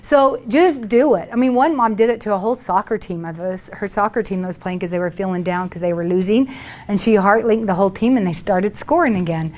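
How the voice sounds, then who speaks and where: A woman's voice: mid-range voice, a little fast, darkish tone. A woman leading a workshop, telling chatty stories to a group and acting out her own past words with laughs. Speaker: workshop leader. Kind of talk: storytelling talk to a group.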